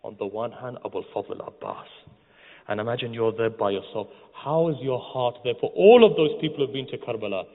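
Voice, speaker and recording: A man's voice: medium pitch, a little fast. A male preacher giving a mourning sermon, speaking directly to the congregation and guiding them through an imagined scene. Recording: tinny, phone-like sound with long hall reverb.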